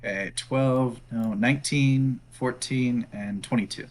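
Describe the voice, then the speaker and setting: A man at a tabletop game reads out his rolls and moves in a plain, matter-of-fact way. His voice sits at an ordinary middle pitch. He talks easily and without fuss. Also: steady tone, measured pace. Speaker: player. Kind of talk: casual tabletop game talk.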